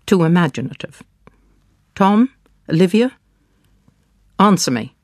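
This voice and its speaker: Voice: medium pitch, very animated, unhurried, darkish tone, dry recording, clean studio sound. A reader voicing a bedridden mother who is frantic and accusing, then keening in despair, in a dramatic storybook reading.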